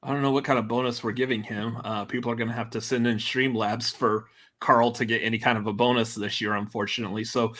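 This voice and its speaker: A man's voice: medium pitch, level tone, quick pace, a bit bright. A man hosting a casual live movie-ranking stream, drawling with lots of uh fillers. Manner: drawling, says y'all, many uh fillers, laughs easily.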